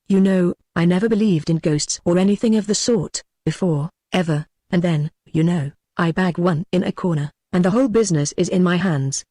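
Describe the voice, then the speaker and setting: Guy reading the part of an earnest gentleman spilling his ghost story, sincere and confiding, dry sound. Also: high voice, normal speed, hardly any pauses, no echo.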